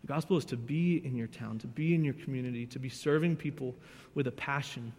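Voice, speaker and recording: A man preaching in a church sanctuary, his voice ringing out with a long reverb tail. He talks earnestly and with feeling, rising loud and dropping to a hush. His pitch sits mid-range for a man. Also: a little fast, slightly rough. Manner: emotional, earnest, swings between loud and hushed. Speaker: youth pastor. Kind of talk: sermon.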